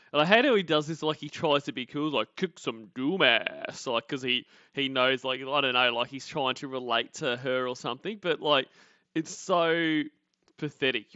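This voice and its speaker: A mocking man with a New Zealand accent hosts a stream, laughing often and greeting viewers between jabs at a played call. His voice is bright and forceful. The audio is dry and a little dull, like a lo-fi home stream. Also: mid-range voice, clear, resonant tone, no echo. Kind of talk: casual commentary over a played call.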